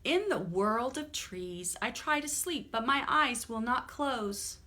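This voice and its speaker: A woman's voice: a little high, animated, slow, sharp tone, full character voice. A woman reading the lines of a small boy who cannot sleep, in a plain storybook voice. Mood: wistful.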